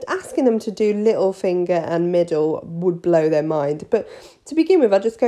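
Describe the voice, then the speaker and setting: Chatty woman with lively pitch. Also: moderate pace. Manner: chatty, rambling, cheeky. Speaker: nail artist and educator. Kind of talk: casual tutorial vlog.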